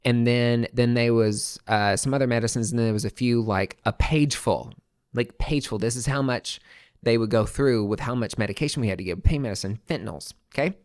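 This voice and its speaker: Expressive man telling a story, dry sound. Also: mid-range voice, fairly quick, dry recording. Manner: expressive, swears freely, big swings between hushed and excited. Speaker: podcast host. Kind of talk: casual personal storytelling.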